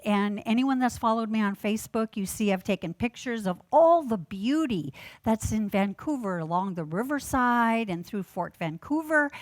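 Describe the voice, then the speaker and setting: A woman minister preaching a sermon, telling gentle stories with measured emphasis. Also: on the high side, no room sound.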